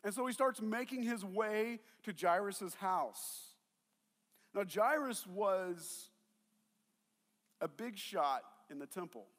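A man's voice: sits high, expressive, slow, pauses often, fairly bright tone, big-room sound. A man preaching a sermon as a pastor, talking casually and acting out the voices of the people in the story.

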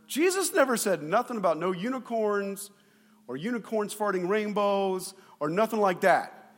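A male pastor preaching a sermon in a playful, animated way, acting out voices. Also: high-pitched, moderate pace, long reverb tail.

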